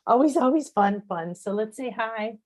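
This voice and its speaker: A woman's voice: fairly high pitch, lively intonation, normal speed. A woman host in a casual conversation, greeting her guest fondly and chatting with plenty of fillers. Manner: warm and chatty, frequent fillers.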